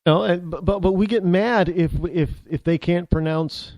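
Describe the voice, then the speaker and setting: An American man hosting a talk show, delivering a rambling opinion monologue full of halting restarts. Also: high voice, darkish tone, dry recording. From United States.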